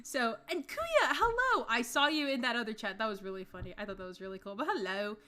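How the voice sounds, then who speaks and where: A woman streamer chatting casually and excitedly with her chat, speaking into a desk mic set back from her mouth. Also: medium pitch, very fast, smooth. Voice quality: bubbly, chatty, talks to chat. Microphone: desk mic, not close to mouth.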